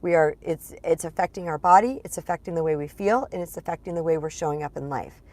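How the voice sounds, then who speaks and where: A woman's voice: sits low, quick pace, darkish tone. A middle-aged woman, a spiritual empowerment coach, teaching chattily on a live stream while congested. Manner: chatty, addresses viewers as "you guys".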